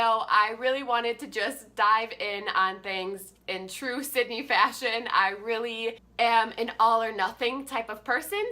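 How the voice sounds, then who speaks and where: Stuffy-nosed woman chatting to camera, kinda high voice, bright and chirpy, laughs a lot. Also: lively intonation, a little slow, few pauses. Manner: upbeat, chatty, laughs often. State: congested, stuffy nose. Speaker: vlogger. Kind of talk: casual to-camera chat.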